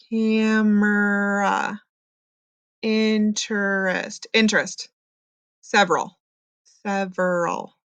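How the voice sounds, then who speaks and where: A woman's voice: mid-range voice, pushed and bright, no echo. Patient woman teacher, dry close sound. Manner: patient, explains slowly with many ums. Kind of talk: recorded classroom lesson.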